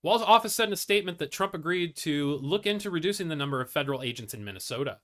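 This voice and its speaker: Male news commentary host, bright and slightly high voice, reads articles, blunt profane asides, lots of ums. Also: animated, quick pace. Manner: blunt and profane, many fillers and restarts. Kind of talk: casual news commentary, reading articles aloud.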